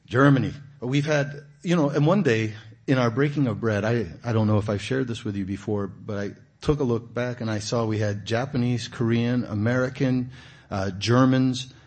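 A man giving an informal, conversational sermon to a church group, asking the listeners questions and stressing points with animated emphasis. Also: mid-range voice, normal speed. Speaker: guest preacher. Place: church meeting room.

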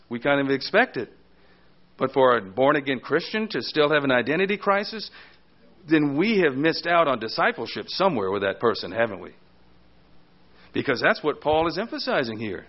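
A man's voice: fairly high pitch, sing-song, normal speed, muffled recording. An older man pastor preaching a sermon, often asking rhetorical questions of his listeners.

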